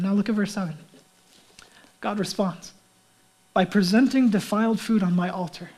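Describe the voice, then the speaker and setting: A man's voice: high voice, fairly even intonation, moderate pace, a little mellow. A man, a pastor, giving a conversational sermon and acting out the voices he quotes.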